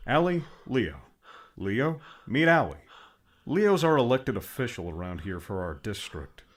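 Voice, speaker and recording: A man's voice: medium pitch, big pitch swings, measured pace, voice pushed up. A man voicing a patient, fussy friend who explains things and mildly scolds. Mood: scolding.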